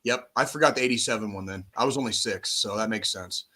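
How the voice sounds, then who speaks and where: A man in his forties, a podcast co-host, talking football in casual chat, profane and animated, on a call mic. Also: on the low side, fast talker, crowd noise. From United States. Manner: profane, animated sports ranting.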